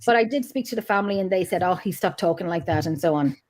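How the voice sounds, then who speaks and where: A woman's voice: lowish voice, fast, darkish tone. Rambling Scottish woman telling a story. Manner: rambling storyteller who restarts and acts out quotes. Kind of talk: casual chat.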